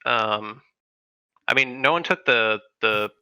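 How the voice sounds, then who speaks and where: A man's voice: mid-range voice, slow pace, sharp tone, clean tone, no room sound, poor audio. A man playing a tabletop game, hesitantly describing what his character does, with many fillers. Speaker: player.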